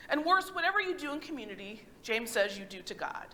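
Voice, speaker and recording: Lively, bright-voiced woman pastor preaching. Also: on the high side, fast, slight background noise. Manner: conversational, animated, asks the congregation questions. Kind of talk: sermon. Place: church sanctuary.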